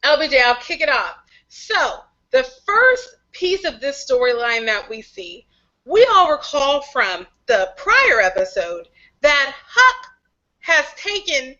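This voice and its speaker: A woman co-hosting a recap show, her voice high and bright. She retells each scene with animated, playful storytelling and chatty asides. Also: slow pace, lo-fi sound. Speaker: podcast co-host. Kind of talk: TV episode recap chat.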